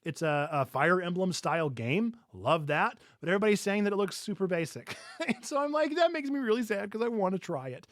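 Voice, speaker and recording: A man's voice: sits high, sing-song, a bit bright, dry recording, clean studio sound. Upbeat man hosting a gaming stream. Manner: upbeat, enthusiastic, quick to laugh. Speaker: stream co-host. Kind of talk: casual chat on a gaming stream.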